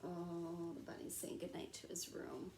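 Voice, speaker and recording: A woman teacher reading a picture book aloud to young children in a slow, sing-song way, stretching and repeating rhyming words. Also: fairly low pitch, monotone, gravelly, roomy sound, noisy background.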